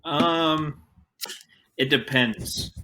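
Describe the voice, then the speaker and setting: Young man, podcast co-host, bright tense voice, blunt, teasing. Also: on the high side, fairly even intonation, drawn-out words, slight background noise. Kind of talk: casual podcast chat.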